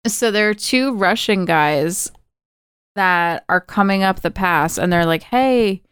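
A woman's voice: on the low side, a little slow, a bit bright, clean tone, dry recording, studio quality. A woman co-hosting a podcast, recapping a film in chatty casual talk full of "like" fillers. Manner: chatty storytelling, many "like" fillers. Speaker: podcast co-host.

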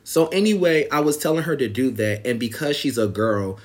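A man's voice: medium pitch, expressive, normal speed. A man telling a personal story to his viewers in casual, rambling talk, full of "you know" fillers and growing heated. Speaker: vlogger.

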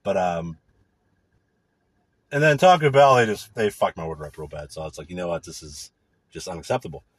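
A man's voice: sits low, a little fast, husky, no echo. A man in a casual, profane, indignant rant. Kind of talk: casual ranting monologue.

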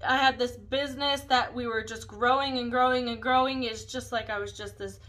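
A woman's voice: fairly high pitch, fairly even intonation, moderate pace, a bit bright, low-quality recording. A woman in her thirties hosting a podcast, talking candidly and a little ramblingly about her own life. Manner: candid, rambling, self-reflective. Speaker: podcast host. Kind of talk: casual personal monologue.

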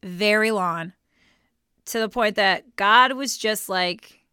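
A woman co-hosting a casual faith podcast, playful and quick with reactions. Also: mid-range voice, bright, forceful tone, smooth, no echo, clean studio sound. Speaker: podcast co-host.

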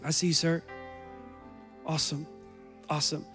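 With a slightly high, somewhat bright voice and a flat delivery, a male pastor preaches at moderate pace while faint music plays. In the church sanctuary his sermon builds through repetition and rising urgency, ending with him leading prayer.

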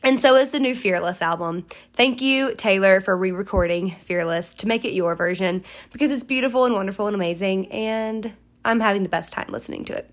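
A woman's voice: mid-range voice, brisk. A woman, hosting a casual solo podcast, chatty and rambling with upbeat, encouraging gushing. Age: 20s. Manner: chatty, rambling, self-interrupting. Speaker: podcast host.

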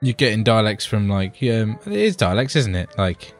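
Low-voiced rambling British man. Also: sing-song, normal speed, soft background music. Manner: rambling, profane, keeps calling his co-host buddy. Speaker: podcast co-host. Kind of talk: casual chat.

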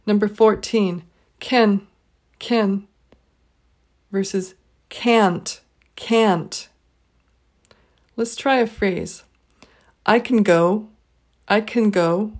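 A woman runs a pronunciation lesson at a very slow, careful pace. She reads each practice word twice, giving every sound room to be heard. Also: medium pitch. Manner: says each word twice, clearly and slowly. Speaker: pronunciation teacher. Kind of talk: slow, deliberate pronunciation drill.

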